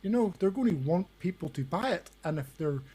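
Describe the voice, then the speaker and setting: An earnest man talks through his views as a guest on a gaming podcast, his voice sitting a little high for a man. He leans on "you know" as he makes his points. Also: lively intonation, fairly quick, dark tone, husky, poor audio. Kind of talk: casual gaming chat.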